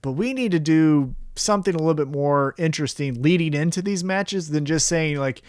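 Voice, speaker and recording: Podcast co-host, man, fairly high voice, salty and animated, dry close mic. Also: moderate pace, no room sound. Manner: profane, animated, acts out quotes in raised voice. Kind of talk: casual wrestling review chat.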